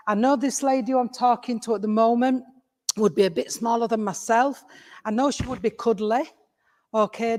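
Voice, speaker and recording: A woman's voice: on the high side, darkish tone. A woman with an English accent giving a mediumship demonstration in a village hall, chatty and affectionate, calling her listener sweetheart and darling. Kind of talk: mediumship demonstration addressing an audience member.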